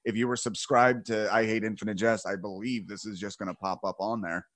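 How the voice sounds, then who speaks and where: A man's voice: fairly low pitch, steady tone, fairly quick, fairly bright tone. A man hosting a podcast in casual, jokey chat, rambling with playful outbursts. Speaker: podcast host.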